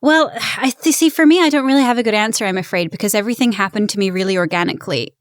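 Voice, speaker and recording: An English-born woman in her thirties who speaks with an American accent and talks in a chatty, upbeat way. Her voice sits at a middling pitch. The recording is dry and close, with no room sound. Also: racing, no echo. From England. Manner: upbeat, laughs easily, chatty. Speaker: guest voice actor. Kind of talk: casual interview chat.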